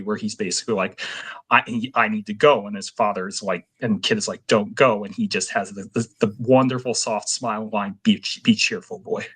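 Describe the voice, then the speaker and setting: Husky low-voiced man talking films. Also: fairly bright tone. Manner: earnest and emotional, heavy on fillers. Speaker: podcast co-host. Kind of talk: casual film discussion.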